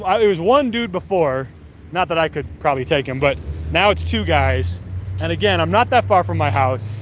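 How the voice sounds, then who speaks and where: A man's voice: a little high, slight background noise. A man streaming and answering chat, telling a story in a casual, rambling way full of fillers. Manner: rambling, filler-heavy, animated retelling.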